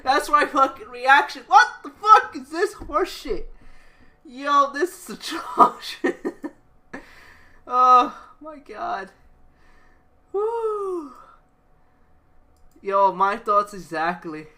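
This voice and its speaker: A woman's voice: high-pitched, very animated, extremely slow, long pauses, pushed and bright. A woman ranting in a profane video game reaction, swearing constantly and breaking into laughter. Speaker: gaming video creator.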